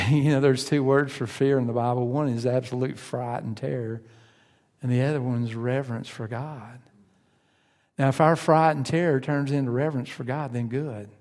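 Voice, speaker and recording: A man's voice: mid-range voice, fairly even intonation, normal speed, a little mellow, long reverb tail. A man preaching a sermon in a conversational way, asking his listeners questions and acting out their inner voices.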